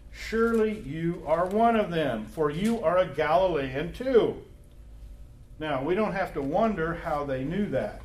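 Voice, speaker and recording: Chatty man teaching a Bible class. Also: fairly high pitch. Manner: conversational, quizzes the group with questions. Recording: echoey room.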